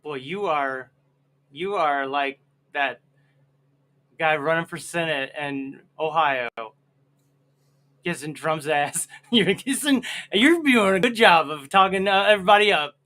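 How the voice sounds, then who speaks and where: Brief: bright, sharp-toned male host, joking through a video call. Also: a little high, animated, unhurried. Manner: playful, self-mocking, laughs often. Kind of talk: casual banter on a livestream.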